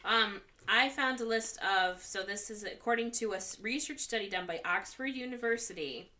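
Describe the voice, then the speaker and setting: A woman co-hosting a casual podcast chat, reading jokes from a list in a measured way. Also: mid-range voice, sharp tone. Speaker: podcast co-host.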